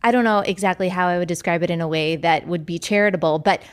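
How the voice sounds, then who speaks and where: Measured woman interview guest. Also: on the low side, clean tone. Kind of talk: interview talk.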